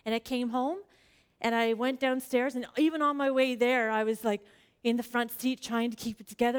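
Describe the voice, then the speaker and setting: Earnest higher-voiced woman preacher. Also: fairly even intonation, brisk, clean tone. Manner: earnest, chatty, storytelling; frequent fillers like "like". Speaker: church speaker. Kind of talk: personal sermon with prayer.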